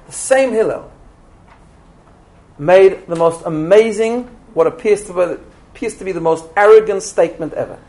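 A man tells a story in a lecture, with an animated, chatty delivery. He often repeats words and checks in with his listeners. His voice is high for a man.

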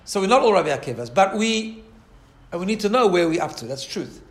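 A rabbi with a fairly high voice teaches a Torah class at a fairly quick pace, relaxed and conversational. He keeps checking in with listeners and acts out the characters in his stories, while the room adds noticeable echo.

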